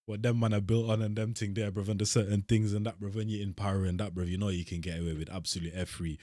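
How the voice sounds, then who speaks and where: A man hosting a music reaction, talking in slangy, animated bursts of surprise. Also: on the low side, fast, no echo, studio quality. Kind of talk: excited music reaction commentary.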